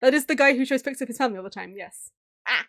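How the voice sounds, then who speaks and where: A woman's voice: high-pitched, quick pace, fairly bright tone. A woman streamer chatting casually while drawing, gushing and giggling often. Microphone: streaming mic.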